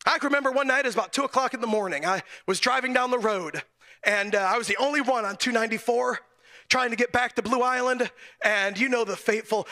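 A man preaching in a church, telling a story with lively delivery, chuckling often and restarting his phrases. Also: very high voice. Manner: animated storytelling, frequent chuckles and self-corrections. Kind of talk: storytelling sermon.

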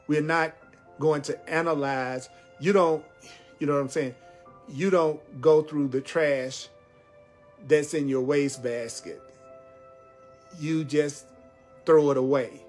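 A man teaching a spiritual class, speaking emphatically and repeating affirmations slowly. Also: on the high side. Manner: emphatic, slow repetitions of key phrases.

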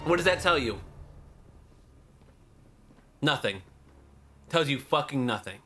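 A man's voice: mid-range voice, expressive, takes it slowly, sharp tone, soft background music. A young man giving casual, profane commentary while spectating a shooter game, trash-talking and barking repeated warnings at the player. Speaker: gaming YouTuber.

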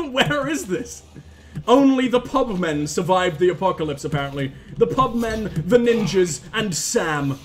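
A young man commentating his own gameplay, self-mocking and swearing, with sudden yelps when he fails. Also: high voice. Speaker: gaming channel host. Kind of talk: let's play commentary.

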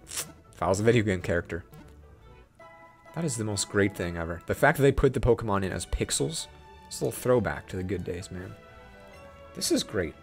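A young man hosting a gaming channel, giving excited, playful let's-play commentary and talking to the game. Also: fairly low pitch. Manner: hyped, playful, talks to the game.

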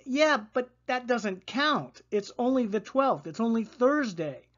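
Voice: medium pitch, animated, a little slow, highs cut off, pitched above the performer's own voice, close to an everyday voice. A storyteller voicing a curious young schoolgirl asking questions.

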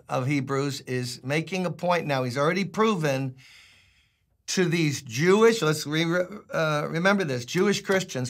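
This older man's voice sits a little high and sounds fairly bright. A New York–accented pastor from Brooklyn, he teaches the Bible in a chatty, emphatic style. He jokes along the way.

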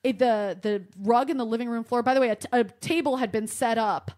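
A woman's voice: on the high side, a little fast. A young adult woman from Michigan, a podcast guest telling a comic story in casual chat and swearing freely. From Michigan, USA. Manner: swears freely, animated and exaggerated.

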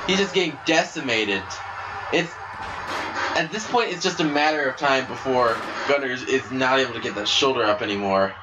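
A man giving play-by-play commentary on a wrestling video game, excitable and breaking into shouts at big moves. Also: mid-range voice, normal speed, music in the background, rough recording. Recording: steady background noise.

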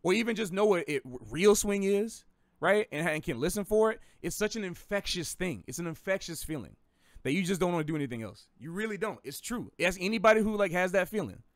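A man from the American South with a faint Southern accent teaches jazz in a casual livestream lesson. His high-pitched voice is animated and fast, recorded dry at studio quality, and he rambles chattily, correcting himself as he goes.

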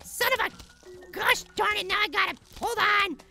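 A man voicing a tiny, excitable cartoon apple boy in frantic let's play commentary, yelling at the game. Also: moderate pace, vocal fry, exaggerated voice. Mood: frantic excited. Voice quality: squeaky, sped-up high voice. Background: game music.

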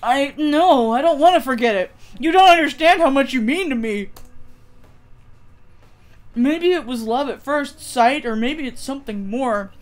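A woman's voice: sits high, measured pace, pitched above the performer's own voice. A woman reading a visual novel aloud, voicing a clingy, lovestruck young man who was newly turned, with a trembling, pleading delivery. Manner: pleading, breathless devotion.

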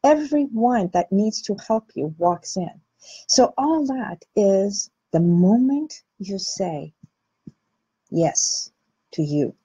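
A woman's voice: mid-range voice, animated, slow pace, mellow, husky, low-quality recording. A middle-aged woman, a clinical hypnotherapist, hosting a heartfelt live talk and greeting viewers by name. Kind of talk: inspirational live-stream talk.

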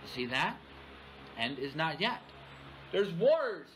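A man's voice: a little high, big pitch swings, takes it slowly, a bit bright, slight background noise, rough recording. A man preaching a sermon in church, explaining scripture and often checking in with "all right?". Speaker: pastor.

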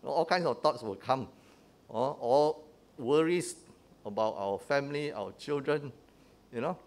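Conversational preacher checking in with listeners. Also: male voice, on the high side. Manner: conversational, checks in with "huh?" and "right?"; often restarts and repeats words. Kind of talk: teaching sermon.

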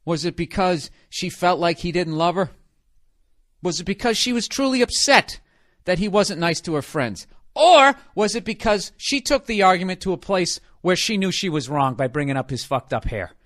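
Profane ranting comedian, fairly high voice. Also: male voice, animated, moderate pace, fairly bright tone. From United States. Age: 40s. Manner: profane, sarcastic, conversational rant. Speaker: comedian podcast host.

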